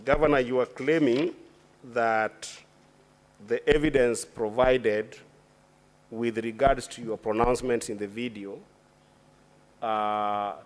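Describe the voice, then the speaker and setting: A senator with a smooth, mid-range voice examines a witness at a formal impeachment hearing. His speech is slow, deliberate, and legalistic, with many restarted sentences.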